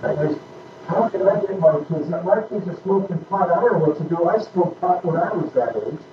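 A man's voice: high voice, expressive, a little fast. A man teaching a church class on parenting, emphatic and conversational, often checking that his listeners follow. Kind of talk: informal teaching talk with questions. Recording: echoey room, distant mic, muffled, noisy.

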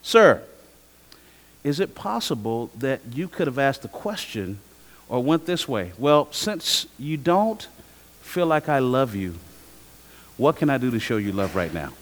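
A man preaching a sermon as pastor, acting out both sides of conversations in a lively way. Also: medium pitch, unhurried. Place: church hall. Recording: long hall reverb.

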